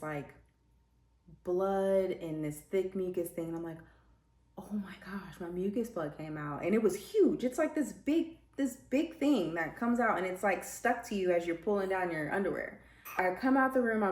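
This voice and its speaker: A woman's voice: lowish voice, lively intonation, normal speed, darkish tone. A young woman vlogger telling her birth story in casual chat, full of fillers and acted-out quotes. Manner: chatty, many "like" fillers, acts out quotes. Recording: echoey room with faint ambience.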